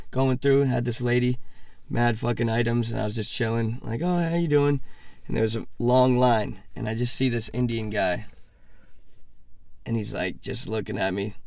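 A young man chatting on a podcast, an excitable storyteller who swears a lot. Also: mid-range voice, vocal fry, no echo. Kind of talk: casual chat.

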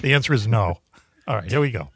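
A man's voice: on the low side, animated, quick pace, creaky, a bit bright, slight background noise. A man hosting a casual chat, teasing his guest and laughing often. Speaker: host.

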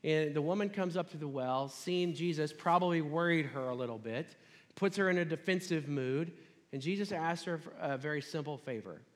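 A man's voice: on the high side, moderate pace, in a large hall. A man preaching a sermon in a conversational, casual way, retelling a scripture story.

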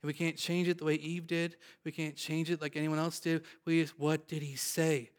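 A man's voice: fairly high pitch, little pitch movement, moderate pace, clean tone. A man preaching a sermon, calling out to his congregation with rising emphasis. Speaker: pastor.

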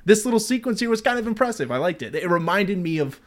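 A man's voice: sits high, expressive, quick pace. A man with a slightly raised voice talks through a movie scene by scene in loose, joking chat. He is wry and swears freely. He breaks into goofy quoted voices to mock the plot. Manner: profane, wry, jumps into silly voices. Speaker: podcast co-host. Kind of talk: casual movie recap chat.

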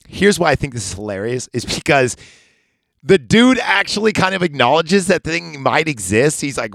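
A man's voice: on the high side, very animated, fairly quick, creaky, fairly bright tone, no echo. Profane rambling man, dry sound. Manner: profane, rambling, ranting asides. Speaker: podcast host. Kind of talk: casual movie recap podcast.

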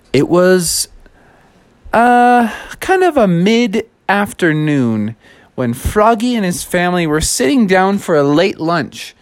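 A man narrates a children's read-along book in a relaxed, slangy way. He speaks slowly with a lively, bouncing melody. The sound is close and dry. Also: fairly high pitch, no room sound. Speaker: storybook narrator.

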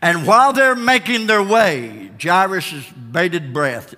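A male pastor preaching a sermon with dramatic storytelling, swinging between shouts and hushed tones. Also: on the high side, big pitch swings, measured pace. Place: church sanctuary. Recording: reverberant church hall.

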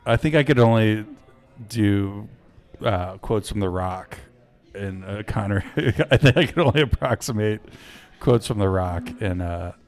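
A man's voice: fairly low pitch, unhurried. A man co-hosting a podcast in a casual, joking chat and signing off the episode. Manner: upbeat, joking, wraps up the show. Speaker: podcast co-host.

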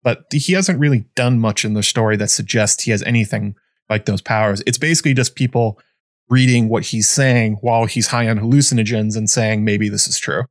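A man hosting a podcast, chatting casually in a rambling, halting way full of fillers and restarts. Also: medium pitch, dry recording, clean studio sound. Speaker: podcast host. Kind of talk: casual chat.

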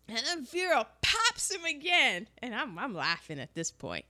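A woman with a high, bright voice that swings up and down as she eagerly recaps a movie in casual conversation. She acts out the characters' lines as she goes and laughs often. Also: normal speed, few pauses. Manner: animated retelling, acts out quotes, laughs often.

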